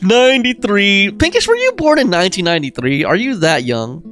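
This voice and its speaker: A man's voice: high-pitched, big pitch swings, a little fast, few pauses, a bit bright, soft background music. A young man chatting casually on a game live stream, reading out chat messages and joking with viewers. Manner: chatty, reads chat aloud and jokes around.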